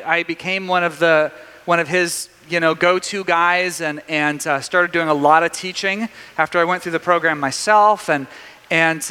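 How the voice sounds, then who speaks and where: A man preaching a sermon, telling a story in a lively way with many restarts. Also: sits high, clear, resonant tone, big-room sound.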